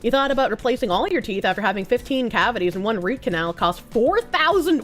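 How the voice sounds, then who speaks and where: A woman's voice: fairly high pitch, fast talker, hardly any pauses, soft background music. A woman with a Boston accent streaming and chatting casually, reading donations and swearing freely with frequent giggles. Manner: profane, giggly, animated. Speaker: livestreamer.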